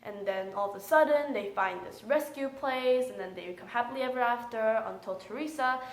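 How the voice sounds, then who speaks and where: A woman's voice: fairly high pitch, a little fast, echoey room, low-quality recording. Blunt, sarcastic young woman reviewing films. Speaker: movie reviewer. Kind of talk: casual spoken movie review.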